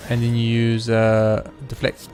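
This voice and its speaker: A man's voice: medium pitch, unhurried, soft background music. A man hosting a let's play video, commenting casually on his game, cheering, swearing and talking to the enemies. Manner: excitable, swears, talks to the game. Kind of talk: gaming commentary.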